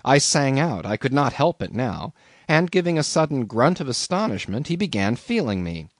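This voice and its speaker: A man's voice: medium pitch, moderate pace, dry recording, clean studio sound. Man narrating a classic novel expressively. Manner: expressive storytelling reading. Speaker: audiobook narrator. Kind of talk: scripted audiobook narration.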